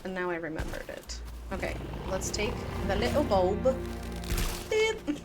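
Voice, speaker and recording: A woman's voice: mid-range voice, moderate pace. A woman streamer chatting playfully with her viewers while gaming, often giggling. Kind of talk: casual live-stream chat while gaming. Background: game music.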